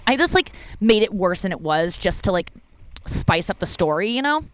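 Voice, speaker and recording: A woman's voice: brisk, slight background noise. A woman comedian telling a personal story in casual monologue. She is candid and profane, with lots of "like" fillers. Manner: animated when quoting people, with big pitch jumps. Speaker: stand-up comedian.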